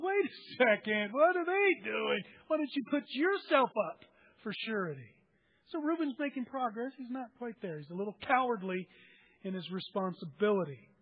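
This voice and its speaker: A man's voice: high-pitched, narrow, tinny audio. A man preaching a sermon, reading scripture aloud and explaining it with everyday examples. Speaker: pastor.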